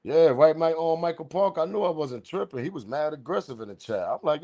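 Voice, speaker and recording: A man hosting a casual livestream, reading the chat and talking in relaxed slangy street speech, his voice leaping high when he quotes himself. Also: brisk. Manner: animated, laughing, slangy street talk, pitch jumps high when quoting himself.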